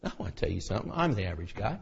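A middle-aged male preacher giving a sermon, swinging between hushed near-whispers and loud shouted preaching. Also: low voice, big pitch swings, rapid-fire, creaky, breathy edge. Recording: dull lo-fi recording with long hall reverb.

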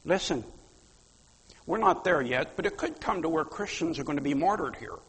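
Male pastor, husky, emphatic sermon delivery, long church-hall reverb. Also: a little high, lively intonation, moderate pace. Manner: fiery, emphatic preaching with sudden loud outbursts.

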